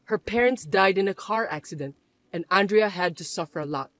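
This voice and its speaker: Woman doing a calm grown son. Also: a little fast, no echo, natural voice. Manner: calm, patient, lower and softer. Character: calm grown son, level-headed man.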